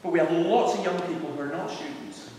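With a fairly high, darkish voice and a brisk delivery, a middle-aged preacher and evangelist tells earnest, conversational stories to a tour group inside a large church building. There's slight background noise, and he sounds distant in an echoey hall.

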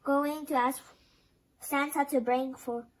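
A kindly old penguin uncle, jolly and chuckling, fond of his niece, as a woman reader voices him. The voice sits high and friendly, as in a read-aloud picture book. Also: steady tone, takes it slowly, poor audio.

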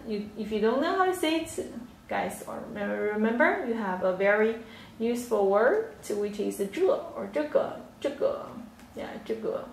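A woman teaching a livestream language lesson, explaining slowly and patiently with many fillers. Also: a little high, lively intonation, creaky, darkish tone, slight background noise. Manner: slow, patient explaining with frequent yeah and fillers. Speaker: Chinese teacher. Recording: roomy echo, a little off mic.

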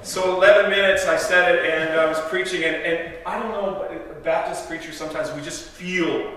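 A man's voice: sits high, steady tone, moderate pace, a bit bright. A man giving a guest sermon, telling stories in a chatty, self-interrupting way and laughing at his own jokes. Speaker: guest preacher. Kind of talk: storytelling sermon. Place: church sanctuary. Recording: echoey hall, distant mic.

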